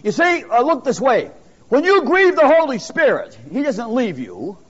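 A man's voice: very high voice, wildly swooping pitch, moderate pace, slightly rough. A man preaching a sermon, calling out questions to his listeners and pressing his points with emphasis. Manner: emphatic, calls out questions to the congregation. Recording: dull lo-fi sermon recording.

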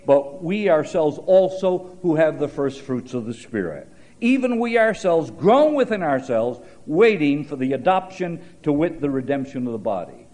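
A male preacher delivering a sermon in a slightly higher than usual voice. He mixes scripture with folksy anecdotes and dry humor, slowing down and swelling in volume to stress a point. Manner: shifting pace and loudness for emphasis.

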